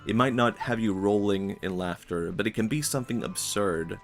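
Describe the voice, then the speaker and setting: A man's voice: on the low side, moderate pace, soft background music. A man streaming, talking in a rambling, reflective way, full of filler words and frequent laughs. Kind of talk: casual stream chat.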